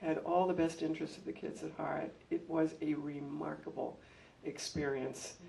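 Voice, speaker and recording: Recalling his years in charge of a school, an older man tells heartfelt stories at a public event, and they turn animated whenever he acts out an anecdote. He talks at a moderate pace with a gravelly, somewhat high voice. A far-off mic captures a faint hum and light room noise.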